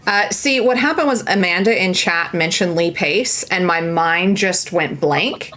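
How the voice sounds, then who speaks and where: A woman's voice: lowish voice, measured pace, fairly bright tone. A woman narrating as game master of a tabletop game, chatty and playful, with many fillers and restarts.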